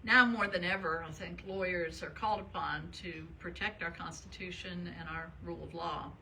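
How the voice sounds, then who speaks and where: A woman's voice: fairly low pitch, steady tone, moderate pace, bright, forceful tone, a little hiss or hum, low-quality recording. An older woman from the northern United States, giving a chatty, self-deprecating talk and answering audience questions with frequent laughs. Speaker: retired state supreme court justice, guest speaker.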